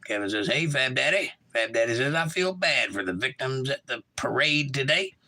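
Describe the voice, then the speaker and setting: A livestream host with a Southern drawl from Georgia, chatting easily with his viewers as he reads their messages out. His voice has a gravelly edge to it. The tone stays bright and forward throughout. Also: mid-range voice, expressive, normal speed, low-quality recording. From Georgia, USA. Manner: laid-back, reads chat messages aloud and replies. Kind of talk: casual livestream chat, reading comments aloud.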